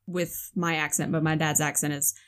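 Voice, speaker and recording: A woman's voice: deep voice, little pitch movement, normal speed. A woman in her twenties with a Connecticut accent, chatting casually with lots of likes and restarts. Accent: Connecticut, American. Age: 20s. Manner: rambling, many likes and restarts. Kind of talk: casual chat.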